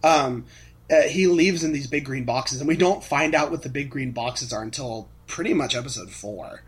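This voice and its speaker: A man co-hosting a casual fan podcast, animated, laughing often as he retells scenes. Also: mid-range voice, moderate pace. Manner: animated, laughs often, acts out characters' lines. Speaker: podcast co-host.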